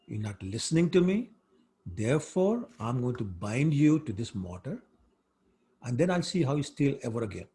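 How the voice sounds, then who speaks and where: A man's voice: medium pitch, sing-song, normal speed, dark tone, lightly acted. A man voicing an exasperated mother who scolds her son firmly. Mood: scolding. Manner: scolding, firm. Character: stern, exasperated young mother.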